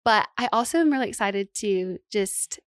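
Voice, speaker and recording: A woman hosting a podcast in casual chat, giggly and gushing, talking in quick bursts on a close mic. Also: medium pitch, lively intonation, clear, resonant tone, dry recording. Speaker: podcast host.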